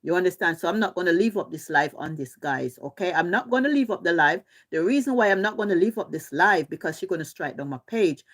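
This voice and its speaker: A woman's voice: lowish voice, expressive, fast talker, hardly any pauses. Fired-up Jamaican woman ranting live. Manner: heated, repetitive, swears a lot. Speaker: livestream host.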